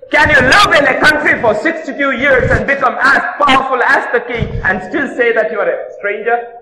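High, bright-voiced man preaching emphatically. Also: normal speed, slight background noise. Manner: emphatic preaching with rhetorical questions and repetition. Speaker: pastor. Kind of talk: sermon. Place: church hall. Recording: echoey church hall recording.

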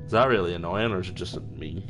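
A man's voice: low-pitched, fast talker, over music. A man, chatting casually to his viewers while live-streaming a video game. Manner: chatty, talks to viewers in chat.

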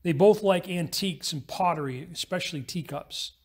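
A male pastor delivers a sermon in a high, husky voice. He slips into a brisk storytelling mode and speeds through the parable's voices.

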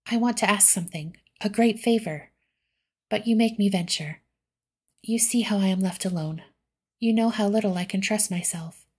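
Woman softly voicing an earnest young gentleman, whispered role-play. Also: mid-range voice, natural voice. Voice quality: soft, breathy.

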